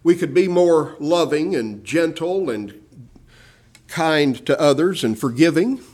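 A man preaching a sermon in a fairly high voice. He drops into hushed low phrases, then climbs to loud, rising emphasis. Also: animated, takes it slowly. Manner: addresses listeners as "my beloved".

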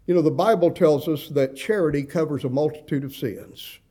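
Male pastor, middle-aged, sermon, folksy conversational delivery, slightly high pitch, mellow. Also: fairly quick, husky. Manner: folksy, conversational preaching with asides and humor.

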